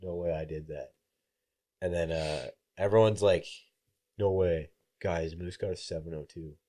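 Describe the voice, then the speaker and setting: A young man with a very low, mellow voice, spinning a casual story on a podcast. He acts out other people's lines as he goes and swears freely. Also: unhurried. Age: young adult. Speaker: podcast guest, college baseball player.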